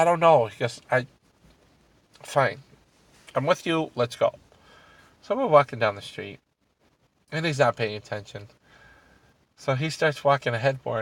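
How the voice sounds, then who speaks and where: A man's voice: medium pitch, a bit bright, dry recording. A middle-aged man casually telling a true ghost story about his teenage years, acting out the other people's lines and laughing at his own story.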